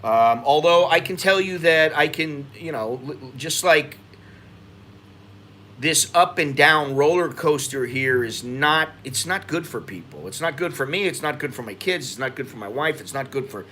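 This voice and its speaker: An American man hosting a casual livestream, venting with frustration and climbing in pitch as he gets worked up. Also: lively intonation, moderate pace, pushed and bright, slight background noise. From United States. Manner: frustrated venting, rising in pitch when agitated. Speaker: expat livestream host.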